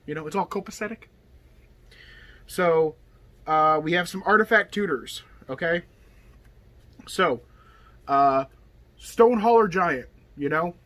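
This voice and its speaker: A man's voice: a little high, slow pace, pauses often, pushed and bright. A man casually talking through his card game deck, rambling and chatty, filling his talk with okay and you know. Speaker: deck tech host. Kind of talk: casual hobby video talk.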